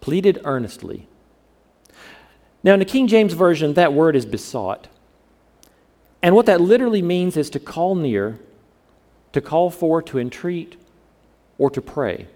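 Lively conversational male preacher. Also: on the high side, measured pace, pauses often. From southern United States. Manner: conversational, asks the congregation questions. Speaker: pastor. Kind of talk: sermon.

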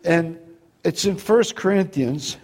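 A man's voice: fairly high pitch, animated, slow, darkish tone. A middle-aged man preaching a testimony sermon, telling his story with acted-out dialogue and frequent laughs.

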